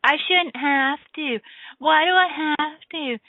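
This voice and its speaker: A woman's voice: high voice, no echo, pitched above the performer's own voice. A woman voicing a sulky young child who whines and refuses to do chores. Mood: whining. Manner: drawn-out whiny complaining. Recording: tinny phone-like line.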